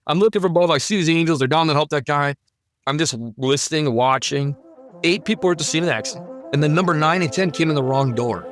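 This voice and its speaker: A man's voice: fairly high pitch, fast, a bit bright, no room sound, faint music behind. A man telling his own near-death story in an earnest, vivid and emphatic way. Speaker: guest sharing a near-death testimony. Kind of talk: personal testimony storytelling.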